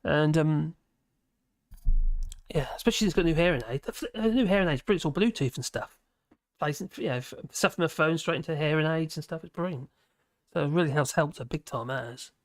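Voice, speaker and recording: Streamer rambling through chat comments, lots of ums and restarts, dry close mic, mid-pitched voice. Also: a little fast, dry recording. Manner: rambling, chatty, full of restarts and fillers; laughs often between remarks. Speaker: livestream host. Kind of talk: casual livestream chat, reading viewer comments.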